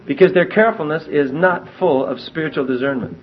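A man giving a verse-by-verse Bible teaching, emphatic and animated as he reads scripture aloud and explains it. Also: a little high, brisk, husky. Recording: dull lo-fi recording.

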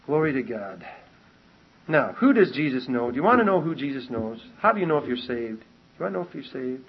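A man preaching a sermon to a congregation, animated and emphatic, often restarting his sentences and rising to loud peaks. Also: medium pitch, a little fast, husky. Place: church meeting hall with congregation. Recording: muffled lo-fi recording.

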